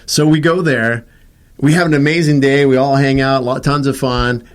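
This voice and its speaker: In a mid-range voice with fairly even intonation and moderate pace, a host recounts something that happened to him. He chats casually, voices the other people's lines himself, and keeps restarting his sentences.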